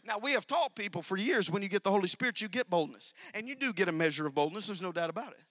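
A man preaching a sermon, swinging between loud, sing-song shouting and quiet asides while questioning the congregation directly. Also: high voice, expressive, fast, no room sound. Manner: addresses the congregation directly with call-and-response questions.

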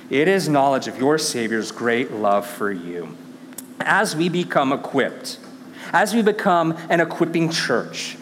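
A male pastor preaching a sermon, swinging between hushed, intimate lines and emphatic, rising passages. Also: high-pitched, long reverb tail, a little hiss or hum. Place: church sanctuary.

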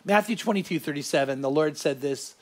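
Male pastor preaching to a small room of listeners, earnest and animated, voice sitting a bit high, words tumbling over restarts. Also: fairly quick. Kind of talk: sermon.

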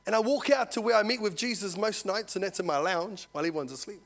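A New man in his forties preaching and telling his testimony, his voice sitting a little higher than most men's. He moves from soft, close words spoken to one person to loud, excited storytelling. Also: quick pace. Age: 40s. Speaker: lay preacher. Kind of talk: prophetic ministry and testimony.

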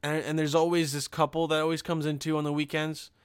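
A man's voice: fairly high pitch, little pitch movement, fast talker, smooth, no room sound, clean studio sound. A young man hosting a podcast, ranting casually and profanely with lots of restarts and sarcastic asides. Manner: frequent restarts and "okay?" asides. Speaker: podcast host.

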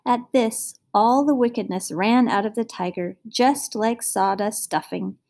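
A woman narrates a fairy tale in an expressive storybook reading. Her voice sits somewhat high and carries a gravelly texture. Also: unhurried.

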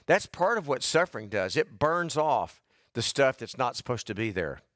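Folksy pastor preaching. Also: male voice, mid-range voice, very animated, moderate pace, fairly bright tone, no room sound, clean studio sound. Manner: folksy, conversational preaching with rising emphasis. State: losing his voice and breath. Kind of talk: sermon.

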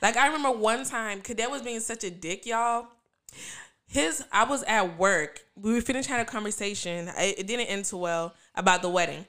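A young woman co-hosting a casual podcast chat with her husband, animated, teasing and cursing freely. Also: mid-range voice, normal speed. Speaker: podcast co-host.

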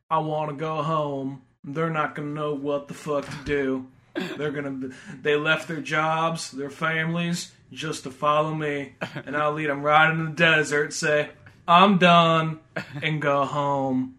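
A podcast host voicing a scheming, deceitful simple man in a lowered Southern drawl. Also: bright, forceful tone. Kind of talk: comedic impression in casual chat.

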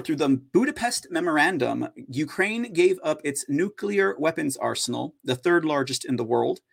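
A man's voice: a little high, vocal fry. A man hosting an opinion news show, talking in a sarcastic, mocking way.

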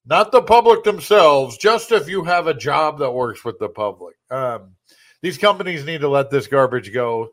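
A man's voice: on the high side, animated, a little slow, a bit bright. A man hosting a radio talk show from a studio, chatting casually and rambling, often restarting his sentences. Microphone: studio broadcast microphone.

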